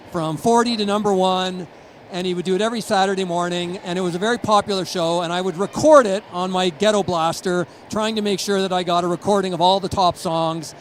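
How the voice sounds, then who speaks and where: A man's voice: high voice, a little hiss or hum, poor audio. A middle-aged man from Canada giving a conference presentation, telling stories with chuckles and acting out quotes. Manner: storytelling, chuckles, acts out quotes. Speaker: conference speaker.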